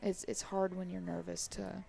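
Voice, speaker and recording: A woman calls a live billiards match with a deep, gravelly fry running under her voice and a dark, mellow tone. She talks casually and keeps tagging her points with a questioning "right?". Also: level tone, normal speed. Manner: chatty, tags lines with "right?". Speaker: pool commentator. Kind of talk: live sports commentary.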